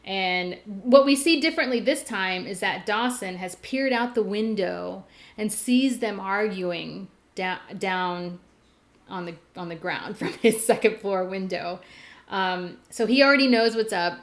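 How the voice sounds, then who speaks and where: A woman co-hosting a podcast, talking casually and relaxed as she walks through a plot. She fills her talk with fillers and restarts. Her pitch is an ordinary middle for a woman. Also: a little slow.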